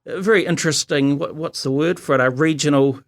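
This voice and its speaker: A man guesting on a radio talk show, relaxed and a little hesitant. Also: on the high side, a little fast, gravelly. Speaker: party leader, radio guest. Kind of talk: casual chat.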